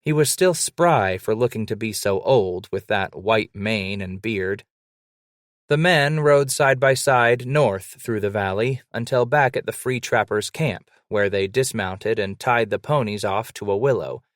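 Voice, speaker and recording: A man reading an audiobook aloud in a slow, measured storytelling manner. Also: fairly low pitch, no echo, studio quality. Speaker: audiobook narrator. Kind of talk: scripted narration.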